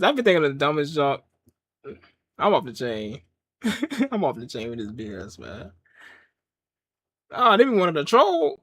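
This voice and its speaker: A man reviews a wrestling show in a loose, joking ramble, his pitch leaping up and down. His voice sits fairly high for a man and comes across close and dry, as if he is sitting right at the mic. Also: fairly bright tone, no echo. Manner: loose, joking rants with frequent laughs. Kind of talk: casual watch-along commentary.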